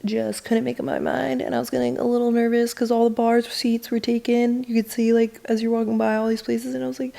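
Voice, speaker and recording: A woman's voice: fairly even intonation, a little fast, creaky, warm tone. A young adult woman telling a story in a casual vlog, chatty and profane, acting out quoted lines. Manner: chatty, swears a lot, acts out quotes in a higher voice. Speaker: vlogger.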